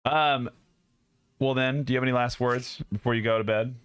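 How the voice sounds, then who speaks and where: Young guy streaming, jokey and laughing, bright voice, dry sound. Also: medium pitch, fairly even intonation, fairly quick, clear, resonant tone, no room sound. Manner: joking, laughs a lot. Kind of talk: casual live-stream chat.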